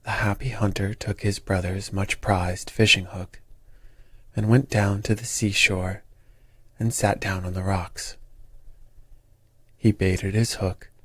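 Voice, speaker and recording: Low, husky male sleep-story narrator. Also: level tone, takes it slowly, pauses often, fairly bright tone, no room sound. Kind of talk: calm bedtime story narration.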